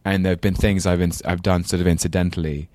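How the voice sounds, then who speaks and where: Deep-voiced London man, thoughtful. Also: flat delivery, quick pace, darkish tone, dry recording. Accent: London English. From England. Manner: thoughtful, self-deprecating, many restarts. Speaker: guest, actor. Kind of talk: casual interview chat.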